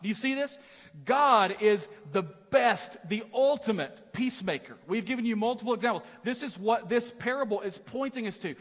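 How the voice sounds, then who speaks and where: A middle-aged man preaching a sermon as pastor, telling stories in an animated, self-deprecating way with many "right?" asides. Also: sits high, normal speed, big-room sound. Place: large church auditorium.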